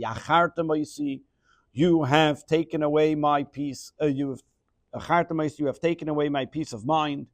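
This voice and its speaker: A man's voice: a little high, no echo. Man teaching verse by verse, dry close sound. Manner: reads Hebrew phrases then translates, explains with Rashi. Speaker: Torah teacher. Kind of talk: verse-by-verse Torah class.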